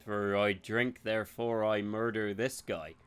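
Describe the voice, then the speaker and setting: A man's voice: lowish voice, level tone, measured pace, clear, resonant tone. A man streaming a video game, rambling, joking and swearing freely as he plays. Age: adult. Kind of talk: live gameplay commentary.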